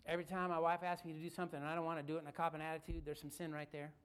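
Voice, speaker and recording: A man preaching a sermon. He tells a story with energy and builds to loud, fervent preaching. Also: a little high, flat delivery, rapid-fire, clean tone. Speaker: pastor.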